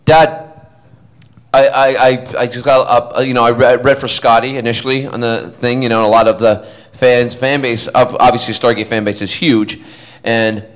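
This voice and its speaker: Animated middle-aged man telling stories. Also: medium pitch, normal speed. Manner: animated storyteller who acts out quotes. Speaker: convention panel guest. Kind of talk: casual anecdote telling on stage.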